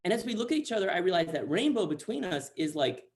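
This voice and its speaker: A man's voice: high-pitched, fast. A man from Central Texas telling a funny personal story over a video call, chatty and full of asides. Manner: animated, chatty, many likes and asides.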